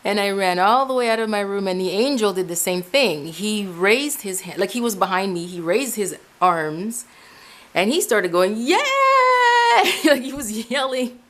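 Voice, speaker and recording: Animated woman telling a personal story. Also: medium pitch, moderate pace. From Ecuador. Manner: animated storyteller, addresses listeners as "guys", frequent restarts and repeats. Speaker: Christian testimony speaker. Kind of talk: casual spoken personal testimony. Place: indoors at home, in her room.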